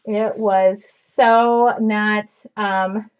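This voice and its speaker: A woman's voice: mid-range voice, steady tone, drawn-out words, clean tone. A woman in her forties hosting a craft livestream, telling a rambling story with a laugh and poking fun at herself while she works. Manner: rambling, laughing, self-deprecating. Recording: lo-fi livestream audio.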